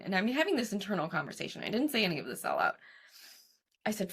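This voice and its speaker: A woman's voice: mid-range voice, big pitch swings, a little fast, pauses often, slightly rough. A young adult woman, a guest on an interview show, telling her story casually and animatedly, acting out what others said and laughing often. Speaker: guest, cancer survivor and coach.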